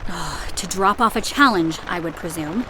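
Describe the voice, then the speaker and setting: A woman's voice: on the low side, normal speed, noisy background, natural voice. A woman in a fantasy audio drama giving firm, commanding instructions.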